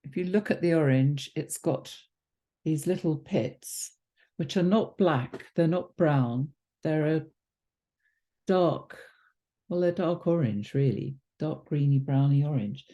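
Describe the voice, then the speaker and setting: A woman giving a relaxed watercolour painting demonstration, chatty and thinking aloud with ums and self-corrections. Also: low voice, slow pace. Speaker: watercolour art teacher.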